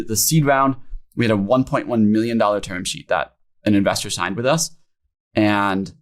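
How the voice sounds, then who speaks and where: A young man with a lowish voice tells his founder story in a podcast interview. He speaks candidly and loosely, with plenty of "like" and "um". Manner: informal, many fillers like "like" and "um", emotional retelling. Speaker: founder guest.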